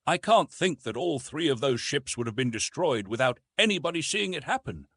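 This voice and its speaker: A man's voice: mid-range voice, sing-song, normal speed, a bit bright, no echo. A man voicing an earnest, grave male prince in an audiobook.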